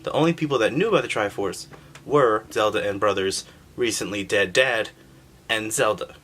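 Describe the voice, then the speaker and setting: A man's voice: fairly low pitch, moderate pace, slight background noise. A man hosting a casual, sarcastic recap of an old video game story, joking and swearing as he goes. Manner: sarcastic, animated, profane. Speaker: gaming history channel host.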